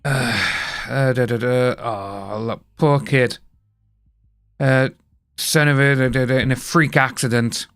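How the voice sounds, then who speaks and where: A man's voice: medium pitch, fairly even intonation, takes it slowly, vocal fry, fairly bright tone. A young British man chatting casually on a live stream, rambling and greeting viewers by name. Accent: British English. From United Kingdom.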